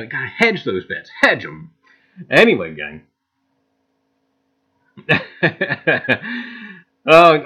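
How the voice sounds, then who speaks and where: Animated livestream host with a Jersey accent. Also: male voice, fairly high pitch. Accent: New Jersey. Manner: animated, greets viewers by name, many "uh"s. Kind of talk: live-stream chat. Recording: dull lo-fi stream audio.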